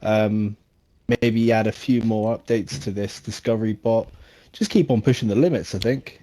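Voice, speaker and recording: A man answers a podcast question off the cuff, pausing and filling gaps with ums. His voice sits a little low. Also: dark tone. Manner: hesitant, many ums. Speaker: network manager, podcast guest. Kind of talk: casual interview answer.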